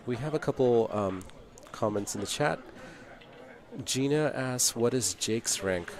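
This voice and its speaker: A man's voice: mid-range voice, animated, unhurried. A man giving casual live-stream commentary on a pool match, easygoing and laughing along with his co-hosts.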